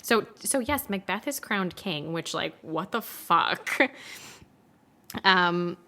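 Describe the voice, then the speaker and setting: A woman co-hosting a casual chat, talking fast and loose, swearing and acting out characters. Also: lowish voice, expressive, sharp tone. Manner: chatty, swears, acts out characters in quick asides. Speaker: podcast co-host.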